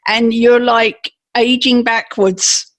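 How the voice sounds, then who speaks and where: A woman's voice: fairly high pitch, steady tone, slow. A woman co-hosting a podcast, chatty and complimentary in casual talk, laughing often. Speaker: podcast co-host. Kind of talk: casual chat.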